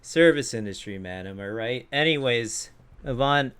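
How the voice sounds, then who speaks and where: Man, podcast co-host, bright voice, animated and profane storytelling. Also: medium pitch, normal speed, clear, resonant tone. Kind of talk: casual storytelling chat.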